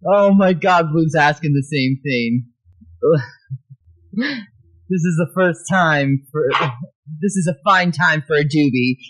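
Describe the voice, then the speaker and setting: A woman's voice: low-pitched, takes it slowly, long pauses, background noise. Crude-joking woman livestreamer. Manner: crude, mocking banter with frequent laughs. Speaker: livestream host reading chat. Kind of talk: casual livestream chat.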